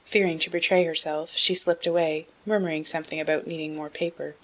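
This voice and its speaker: Audiobook narrator, woman, lower voice; steady, even-paced classic-novel reading. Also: brisk. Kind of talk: scripted narration.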